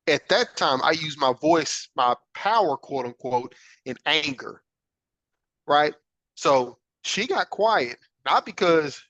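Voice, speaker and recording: A man with a fairly high, bright voice and forceful delivery hosts a podcast. An adult father, he earnestly and reflectively recounts a personal story, peppering it with "right?". The recording is dry but the audio is poor.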